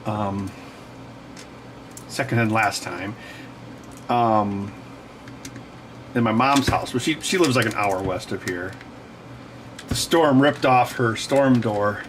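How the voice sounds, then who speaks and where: A man's voice: lowish voice, slow pace, long pauses, slight background noise, low-quality recording. A man hosting a livestream, telling stories in a rambling, digressive way, correcting himself and laughing often while he works. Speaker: livestream host. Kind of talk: rambling casual chat while working.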